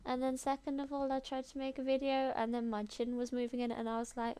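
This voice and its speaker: A chatty English woman rambles along in a bright, slightly high voice, full of fillers and little giggles. She talks casually into a built-in computer microphone, as if leaving a long voice note for a friend. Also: completely flat delivery, fast talker, few pauses, clear, resonant tone. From England. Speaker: video blogger sending an audio message.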